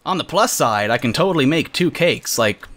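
Excitable, lively man gaming. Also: on the high side, normal speed. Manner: excitable, yelps and shouts at the game, jokey. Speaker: gamer host. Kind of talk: casual let's-play commentary.

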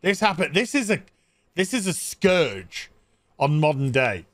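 A man recapping a film with mocking disbelief, his voice fairly high and swooping widely. He talks in an unhurried way, and the sound is dry and close. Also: sing-song, no echo. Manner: mocking, incredulous, laughing. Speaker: podcast host. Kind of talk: comic movie recap.

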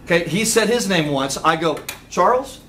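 High-voiced man giving a seminar talk. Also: a little fast, a little hiss or hum. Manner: energetic, quizzes the crowd, acts out little scenes. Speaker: seminar speaker. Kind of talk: live seminar talk to an audience. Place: meeting room with audience. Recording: echoey room, picked up from a distance.

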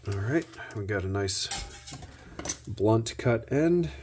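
A man with a low voice and an unhurried delivery talks his way through a repair at his workbench. He narrates each step out loud, dropping dry jokes to himself as he goes. There's a faint hiss of noise behind him. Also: lively intonation. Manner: self-talk with dry jokes. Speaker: host.

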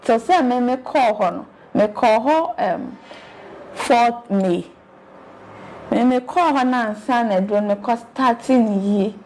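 Ghanaian mother as interview guest, slightly high voice, rambling and animated telling. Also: takes it slowly, slight background noise. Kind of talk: casual storytelling.

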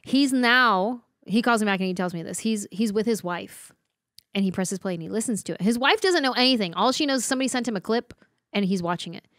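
A woman in her thirties, a comedian guest, telling a story with lively acted-out quotes. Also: mid-range voice, fast, no room sound, clean studio sound. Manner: acts out quotes with big voice swings. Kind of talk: animated storytelling.

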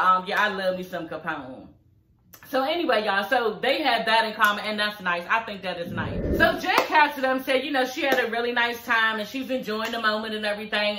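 Sassy woman recap vlogger, profane and chatty, bright voice, echoey room. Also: medium pitch. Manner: sassy, profane, chatty, addresses viewers as y'all. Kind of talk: casual recap commentary.

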